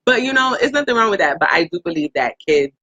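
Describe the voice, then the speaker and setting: A young woman talks in a husky voice whose pitch swings widely. She co-hosts an animated casual chat and keeps chiming in with agreement. The recording is dry and dull. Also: fast talker, dry recording. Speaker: co-host.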